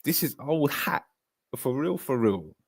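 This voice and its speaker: A young man, bantering on a live football stream and reacting to chat in slangy, excitable bursts. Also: medium pitch, a little slow, gravelly, slightly rough, no room sound.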